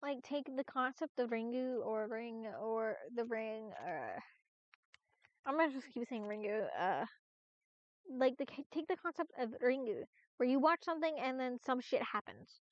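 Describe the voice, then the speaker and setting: A woman's voice: a little high, lively intonation, normal speed, no echo. A woman streamer chatting casually on a live stream, rambling with lots of restarts and fillers and the odd swear. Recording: dull, lo-fi, dry stream audio.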